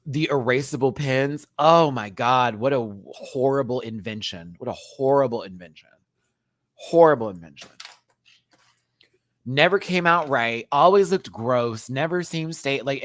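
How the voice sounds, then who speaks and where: A man in his thirties chatting casually as a reviewer, spinning stories from school and the stage. He swears freely and breaks into laughter, his voice jumping between low asides and high yelps. The sound is dry and close. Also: no echo. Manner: animated storytelling, swears freely, bursts into laughter and squeals. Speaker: drag show reviewer. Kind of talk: casual reaction chat.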